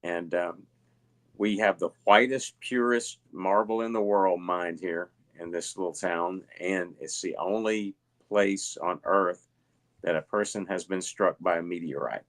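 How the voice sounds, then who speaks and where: A middle-aged man with a Southern US accent, telling stories at a relaxed pace with lots of fillers as a guest in an interview. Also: low voice, unhurried. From Alabama. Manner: rambling, relaxed storytelling with many fillers. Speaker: guest, illusionist. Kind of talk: casual interview chat.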